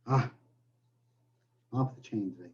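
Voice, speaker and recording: A man's voice: on the low side, slow, a little mellow, muffled recording. A man teaching a recorded math lecture, joking in asides and saying okay often. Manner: joking asides, many okays. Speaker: math professor.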